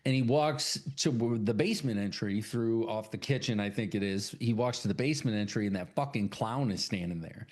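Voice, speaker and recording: A man's voice: on the low side, fairly quick, few pauses, a little mellow. A man co-hosting a casual podcast, eagerly retelling film scenes, swearing often and acting out characters' lines. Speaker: podcast co-host. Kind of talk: casual chat.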